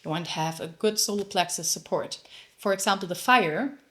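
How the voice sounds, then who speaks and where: A woman's voice: lowish voice, moderate pace, a bit bright. A woman teaching a singing lesson, explaining technique and breaking into sung demonstrations. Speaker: vocal coach.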